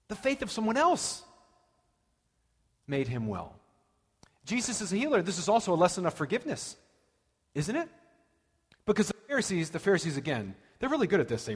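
A man preaching a sermon, telling stories with dramatic pauses and lively emphasis. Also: high voice, slightly rough. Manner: animated storytelling with dramatic pauses. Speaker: pastor. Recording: long reverb of a large hall.

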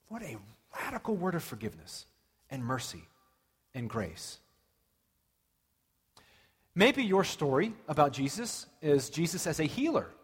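A man preaching a sermon, telling stories with dramatic pauses and lively emphasis. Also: high-pitched, husky. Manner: animated storytelling with dramatic pauses. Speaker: pastor. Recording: long reverb of a large hall.

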